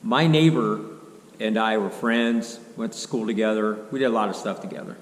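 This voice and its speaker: A man's voice: on the low side, normal speed. Middle-aged man, folksy rambling storyteller, echoey garage sound with faint hum. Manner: rambling, folksy, quotes others in dialogue. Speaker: car restoration vlogger. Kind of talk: casual storytelling to camera. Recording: roomy echo, faint background hum.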